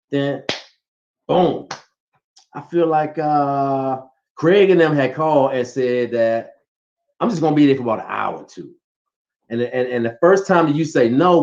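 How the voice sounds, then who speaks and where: A man's voice: mid-range voice, a little mellow. A man talking animatedly and teasingly in a casual chat about relationships, giving advice with playful emphasis. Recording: dull lo-fi sound.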